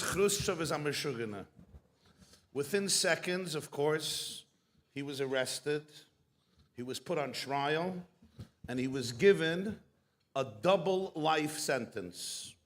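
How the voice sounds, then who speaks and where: A man's voice: on the high side, a bit bright. A man who is a rabbi, giving a keynote speech full of jokes and stories. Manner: storytelling with jokes, unhurried.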